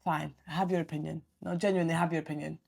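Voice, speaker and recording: A young woman, hosting a casual solo podcast, blunt and animated, swearing freely as she tells stories. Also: deep voice, fast, gravelly, breathy edge. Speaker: podcast host.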